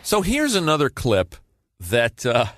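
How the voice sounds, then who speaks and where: A man's voice: medium pitch, huge pitch swings, measured pace, background noise. A man co-hosting a podcast, casually introducing archive clips and chuckling along. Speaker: podcast co-host.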